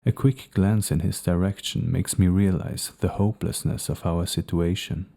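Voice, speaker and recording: A man reads a first-person novel aloud at a steady, measured pace. His voice is very low and gravelly, with a dark, mellow tone. It sounds like a calm audiobook reading. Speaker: audiobook narrator.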